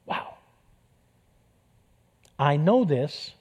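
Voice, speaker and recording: A middle-aged man delivers a sermon in a church, easygoing and conversational, dropping jokes and repeating key phrases to drive them home. His voice sits a little on the high side for a man. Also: lively intonation, moderate pace, a little mellow. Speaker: pastor.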